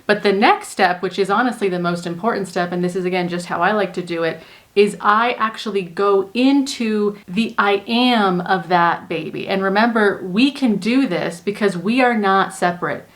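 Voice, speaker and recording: A young adult woman, a manifestation coach, explaining a technique calmly and earnestly step by step in a casual teaching talk. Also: mid-range voice, normal speed. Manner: calm, earnest explaining in spoken steps.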